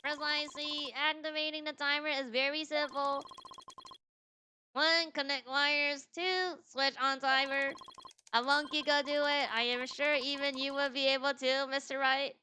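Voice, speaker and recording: Woman doing a curt robotic bomb-squad man, raised pitch, clipped lines. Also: measured pace, slight background noise. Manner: clipped, flat, mechanical delivery. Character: terse male bomb expert speaking like a robot.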